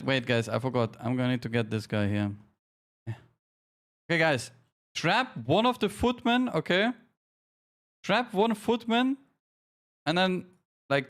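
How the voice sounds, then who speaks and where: A man streams a game live in a medium-pitched voice with a clean tone. He chats casually and jokingly with viewers, pokes fun at himself, and leads his team by calling out instructions.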